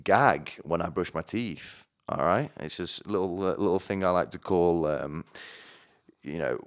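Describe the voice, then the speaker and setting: Wry young Sheffield man, smooth low voice. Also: a little slow. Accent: Sheffield, Yorkshire, light. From Sheffield, England. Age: young adult. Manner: wry, self-mocking storytelling with asides to viewers. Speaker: podcast host. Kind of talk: comic monologue.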